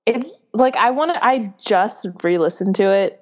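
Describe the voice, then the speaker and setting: A woman's voice: medium pitch, lively intonation, normal speed, a little mellow. Gushing young woman chatting about books. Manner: gushing, enthusiastic, lots of fillers. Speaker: book podcast co-host. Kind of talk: casual book review chat.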